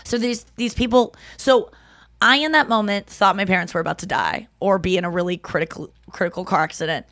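A woman's voice: mid-range voice, a little fast. A woman in her thirties hosts a casual podcast chat. She tells stories with energy and acts out the lines of the people in them. Her voice sits close to the mic in a dry room with no echo. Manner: animated storytelling, acting out quotes. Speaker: podcast host.

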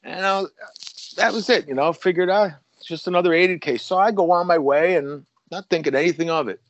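A former police officer from the United States tells a long story in a casual way, restarting many times and acting out quotes. His voice is a little high and brisk, and the sound is lo-fi.

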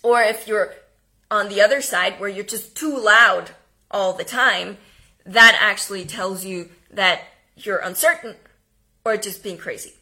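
A woman coaching on voice and tone in a live online workshop, informal and quick to laugh at herself, swinging between loud demonstrations and hushed, paused delivery. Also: mid-range voice. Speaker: communication coach.

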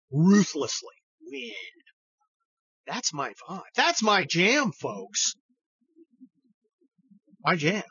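A man's voice: fairly high pitch, sharp tone, husky, no room sound, lo-fi sound. A man hosting a podcast, delivering a blunt, profane political monologue that rambles with many restarts. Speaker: podcast host.

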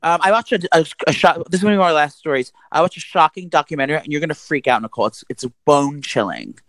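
Man, about 40, animated gossipy podcast storyteller, quick delivery, fairly high voice, dry close mic. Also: no room sound, rough recording. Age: around 40. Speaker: podcast co-host. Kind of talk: casual chat.

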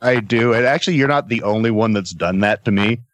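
A middle-aged man, a guest on a podcast, telling stories from his career in a casual, animated way. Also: lowish voice, brisk, no echo, rough recording. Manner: animated storyteller, acts out quotes. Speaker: podcast guest, former wrestler. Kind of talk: casual storytelling. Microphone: podcast mic.

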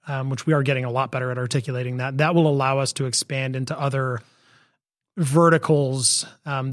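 A man, a company co-founder and CEO, answering interview questions in a measured, explanatory way with frequent fillers. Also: mid-range voice, no room sound, studio quality. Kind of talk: conversational podcast interview.

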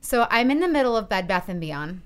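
A middle-aged woman telling an embarrassing story in a casual podcast chat, animated and giggly, acting out her own quotes. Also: mid-range voice, fairly quick, clean tone. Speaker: podcast guest.

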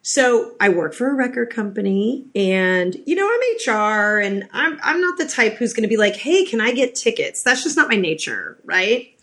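A woman's voice: mid-range voice, sing-song, moderate pace, few pauses, a bit bright. Chatty woman telling stories. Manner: chatty storyteller with many restarts. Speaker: podcast guest. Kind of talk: casual interview chat.

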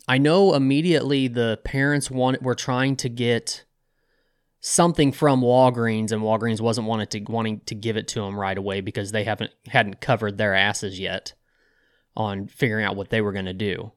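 A man's voice: lowish voice, fairly even intonation, moderate pace, smooth, no echo, clean studio sound. A man co-hosting a podcast in casual chat, often stumbling and repeating words as he starts a thought. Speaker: podcast co-host.

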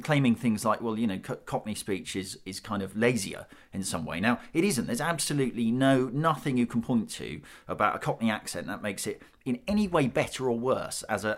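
A middle-aged British man in a panel discussion, thinking aloud with frequent restarts. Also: medium pitch. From Britain. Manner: thoughtful, restarts often. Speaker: panel guest.

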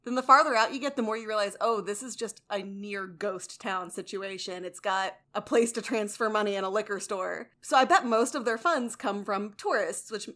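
Bright, animated woman podcast host. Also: medium pitch. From American South. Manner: chatty and animated, quick to laugh. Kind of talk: casual chat.

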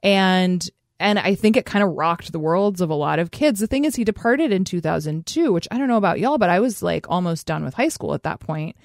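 A woman's voice: on the low side, animated, brisk, no room sound. Podcast host, woman in her late 30s, chatty and laughing, dry close mic. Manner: chatty, lots of fillers and laughter. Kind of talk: casual chat.

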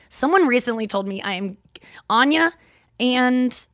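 A woman's voice: fairly high pitch, unhurried, no room sound, clean studio sound. Chatty Midwestern woman podcast host. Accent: Midwestern American. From St. Louis, Midwest US. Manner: rambling, animated, lots of fillers and self-interruptions. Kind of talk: casual solo podcast chat. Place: home, seated in a chair.

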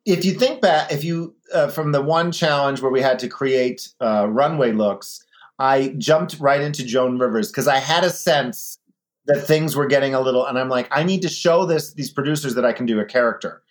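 A chatty man talking as a guest in a relaxed interview. He tells stories with energy and now and then imitates other people. His voice sits at an ordinary pitch. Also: normal speed. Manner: chatty, animated storyteller, mimics voices in anecdotes. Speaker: guest, drag performer. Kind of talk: casual interview chat.

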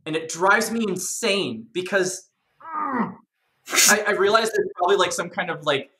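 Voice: mid-range voice, very animated, moderate pace, sharp tone, reverberant, a little hiss or hum. A podcast guest explaining game lore in casual chat, enthusiastic and rambling with many fillers.

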